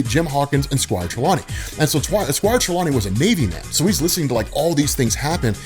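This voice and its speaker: A young man retelling a story in a casual, animated, slangy way with lots of fillers. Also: mid-range voice. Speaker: vlogger.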